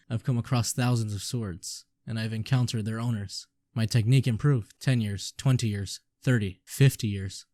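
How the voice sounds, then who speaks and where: A man voicing an old retired sword sharpener who speaks slowly and regretfully, with a lowish mellow voice. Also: fairly even intonation, no echo, clean studio sound, close to an everyday voice. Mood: solemn.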